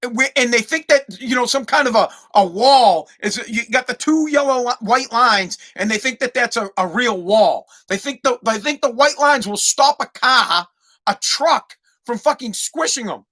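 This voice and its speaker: A man, hosting a podcast and telling a profane, animated story with many restarts. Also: very high voice, normal speed. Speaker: podcast host. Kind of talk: casual storytelling monologue.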